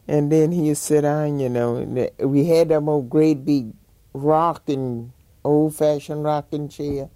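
A woman's voice: low-pitched, fairly even intonation, takes it slowly, dark tone, no echo. An older woman, reminiscing in an oral history interview, rambling and chuckling as she tells stories. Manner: rambling storytelling, frequent chuckles.

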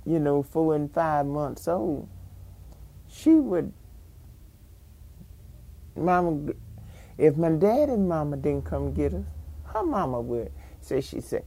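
Slow and full of pauses, this older woman's deep, mellow voice is nonetheless very animated. Recounting memories for an oral history interview, she tells meandering stories punctuated by frequent chuckles.

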